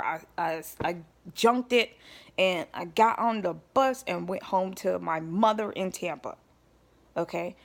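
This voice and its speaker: A woman vlogger telling a personal story in a rambling, casual way, often stopping to check in with her listeners. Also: mid-range voice. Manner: rambling, checks in with listeners, addresses them as y'all.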